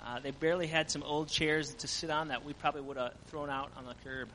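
A man's voice: a little high, level tone, fast, sharp tone, in a large hall, a little hiss or hum, low-quality recording. A man giving an earnest church testimony about a mission trip, full of fillers. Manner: earnest storytelling with frequent fillers. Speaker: mission trip team member.

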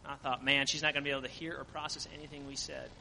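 Bright-voiced man telling a mission story. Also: medium pitch, level tone, racing, gravelly, long reverb tail, slight background noise, poor audio. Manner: earnest storytelling with frequent fillers. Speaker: mission trip team member. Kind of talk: church mission testimony.

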